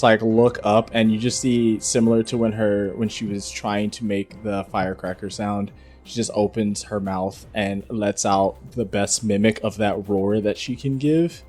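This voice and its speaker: Low-voiced man narrating his characters. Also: darkish tone. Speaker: player.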